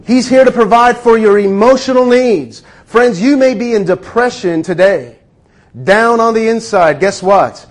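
A man preaches to a congregation with a notably high voice. He draws out scripture phrases slowly and builds to emphatic calls for agreement. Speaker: pastor. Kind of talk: sermon.

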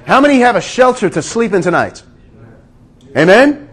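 A man's voice: high-pitched, sing-song, moderate pace, slightly rough, low-quality recording. A male preacher giving a sermon, emphatic, repeating key lines and asking for amens.

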